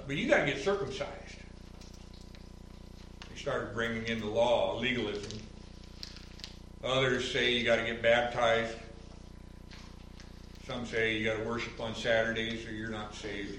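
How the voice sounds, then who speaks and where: A man preaching a sermon as pastor, building from calm reasoning to loud, rising emphasis and mimicking others in a higher voice. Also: reverberant, distant mic, slight background noise, rough recording. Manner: mocking quotes in a higher voice.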